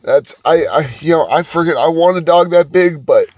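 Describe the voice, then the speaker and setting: A man's voice: fairly high pitch, normal speed, a little mellow, no room sound. A man from Southern California co-hosting a podcast, chatting casually and laughing often. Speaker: podcast co-host. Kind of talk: casual chat. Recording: dry, dull lo-fi podcast audio.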